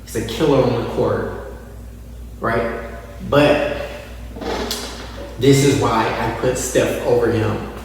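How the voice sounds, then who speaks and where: A man hosting a casual sports podcast, animated and mocking, putting on voices of players and coaches. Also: mid-range voice, takes it slowly, pauses often, noisy background. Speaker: podcast host. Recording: echoey room, voice from a distance.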